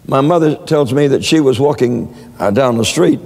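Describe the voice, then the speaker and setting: A man's voice: mid-range voice, moderate pace, creaky, a little mellow, husky, in a large hall. A man preaching a sermon, telling stories with many stammered repeats. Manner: storytelling with frequent stammered repeats.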